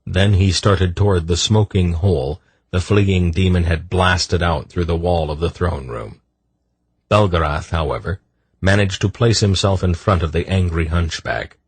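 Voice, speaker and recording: A man narrating a fantasy audiobook, an expressive storyteller who voices every character. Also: sits low, measured pace, breathy edge, no echo.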